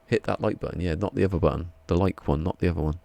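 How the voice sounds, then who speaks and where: A man's voice: low voice, fairly even intonation, racing, vocal fry, mellow. A man with an English accent chatting casually on a live stream, rambling and chuckling as he reads the chat, a little drowsy. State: a bit drowsy.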